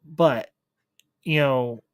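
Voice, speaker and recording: A man giving a casual, enthusiastic review of a TV series, pausing and restarting as he thinks aloud. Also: mid-range voice, smooth, dry recording. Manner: thoughtful, enthusiastic, with frequent restarts. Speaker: film reviewer.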